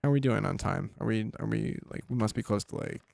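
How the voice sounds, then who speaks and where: A man hosting a comedy podcast, chatting casually and riffing on jokes with quick tangents. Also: on the low side, gravelly, a little mellow, dry recording. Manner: rambling, joking, quick tangents. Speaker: podcast host.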